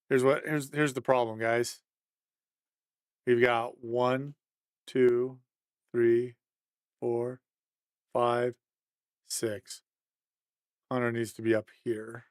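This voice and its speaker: A man's voice: mid-range voice, clear, resonant tone, dry recording. A man giving a casual, conversational breakdown of football game film, thinking aloud and chuckling at mistakes.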